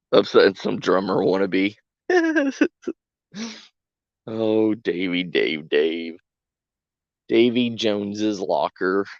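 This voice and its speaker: A man's voice: sits low, takes it slowly, creaky, dry recording, muffled recording. A man streaming a game, bantering with his chat in a joking, giggly way. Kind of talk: casual chat to stream viewers.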